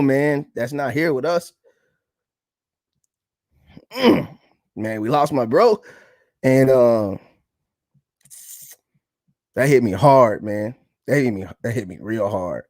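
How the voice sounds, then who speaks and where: A man in his thirties shares a personal story on a podcast in a casual, earnest way. His voice sits somewhat high for a man, and he keeps coming back to "man" as he reflects. The sound is close and dry. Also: darkish tone, dry recording. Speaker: podcast co-host.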